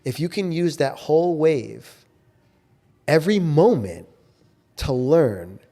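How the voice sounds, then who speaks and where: A man's voice: fairly high pitch, sing-song, takes it slowly, mellow. A young adult man co-hosting a podcast, speaking in a reflective, earnest, coaching way. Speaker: podcast co-host. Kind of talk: casual chat.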